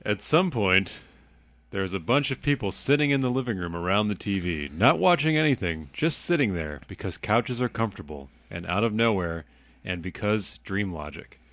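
A man's voice: on the low side, animated, normal speed, a bit bright, no room sound. A man from outside the United States reading a listener's dream letter aloud on a podcast.

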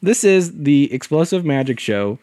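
A man's voice: on the high side, very animated, moderate pace, dark tone, no echo, studio quality. A man co-hosting a casual podcast while sick, joking and laughing often. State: sick, a bit hoarse. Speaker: podcast co-host.

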